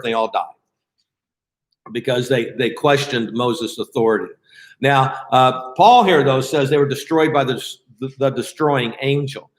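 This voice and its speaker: A man leading a Bible study in a casual, conversational way, often pausing with fillers and restarting his sentences. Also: mid-range voice, a bit bright, reverberant.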